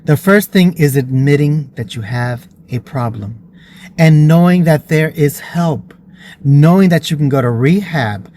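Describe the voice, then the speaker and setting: A man's voice: a little high, measured pace, mellow, slight background noise. Earnest man telling a personal story. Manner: earnest and emotional. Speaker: vlogger.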